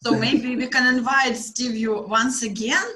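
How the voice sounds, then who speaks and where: A woman's voice: on the high side, steady tone, a little slow, a crowd in the background. A woman hosting a school video call, passing on students' questions and rephrasing them.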